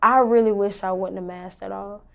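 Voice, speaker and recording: A woman's voice: medium pitch, steady tone, normal speed, gravelly, fairly bright tone. A young woman rapper answering interview questions in a blunt, confident, slangy way.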